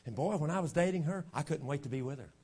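Folksy high-voiced preacher in his fifties. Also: animated, fast talker, husky. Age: 50s. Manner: folksy, joking, swings from quiet to shouting. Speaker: pastor. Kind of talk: sermon.

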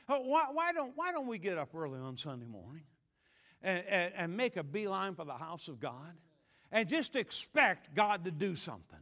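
A man preaching a sermon in a church, swinging from quiet asides to shouted excitement and acting out Bible figures in voices. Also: sits high, normal speed, big-room sound. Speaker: pastor.

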